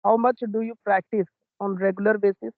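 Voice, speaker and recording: A man's voice: high-pitched, flat delivery, fairly quick, gravelly, no room sound. A man with an Indian accent, hesitantly asking questions in a casual English practice conversation. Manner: hesitant, many filler uhs, agreeable. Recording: tinny, phone-like, dry.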